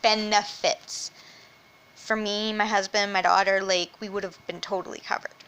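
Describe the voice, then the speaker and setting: A woman's voice: medium pitch, flat delivery, normal speed, fairly bright tone, clear, resonant tone, poor audio. A young woman venting casually at home, rambling and swearing freely. Her voice is strained from a sore throat and sometimes drops to a whisper. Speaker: vlogger. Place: at home with her baby nearby.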